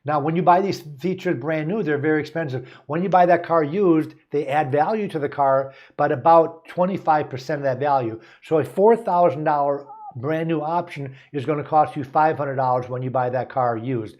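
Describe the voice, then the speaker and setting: A man from the United States, speaking on the high side at a moderate pace in lo-fi sound, hosts a show as a car dealer. He offers casual advice, partly reads aloud, and rambles folksily with many asides and restarts.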